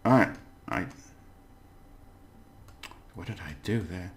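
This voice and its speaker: A man's voice: low-pitched, slow pace. A man teaching a casual language lesson, chatty and self-correcting, laughing at his own slips.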